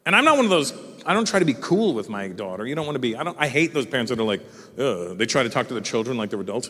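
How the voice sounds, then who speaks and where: A man's voice: medium pitch, sing-song, fast, bright, forceful tone. A middle-aged man doing a live stand-up set, telling stories and swearing freely as he chats with the crowd. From Canada. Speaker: stand-up comedian. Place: large live venue on stage. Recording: live hall reverb with faint ambience.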